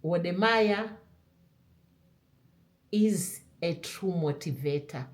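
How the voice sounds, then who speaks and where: A woman's voice: on the low side, drawn-out words. A woman giving earnest motivational commentary, asking pointed questions.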